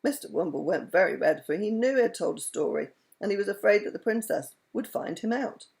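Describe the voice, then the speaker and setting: A woman reading a children's story aloud in an expressive, animated way. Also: medium pitch, fairly quick, creaky.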